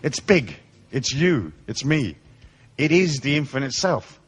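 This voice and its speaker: A man's voice: medium pitch, big pitch swings, measured pace, slightly rough. A man giving a live seminar talk to an audience, irreverent and playful, swearing freely as he tells stories. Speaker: seminar speaker.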